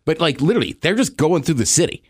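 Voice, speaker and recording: Brief: male podcast co-host, higher voice, animated sports explainer, dry close sound. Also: quick pace, slightly rough, no room sound. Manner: eager, nerdy sports explainer. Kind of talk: casual chat.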